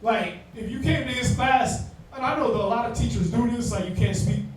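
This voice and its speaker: Brief: high-pitched male Bible class teacher, slangy and joking, miked from far off in a very echoey room. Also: brisk.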